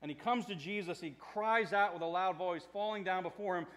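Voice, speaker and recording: A man preaching a sermon in a conversational way, swinging from hushed to loud. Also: sits high, brisk, hardly any pauses. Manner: conversational with fillers and restarts. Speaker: pastor.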